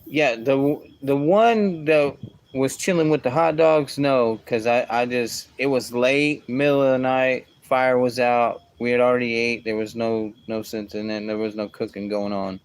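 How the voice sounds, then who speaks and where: A man's voice: steady tone, a little slow, clean tone, dry recording. A man telling a casual story, rambling along with asides and restarts. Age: adult with a young son. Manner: rambling, full of asides like "whatever" and "boom".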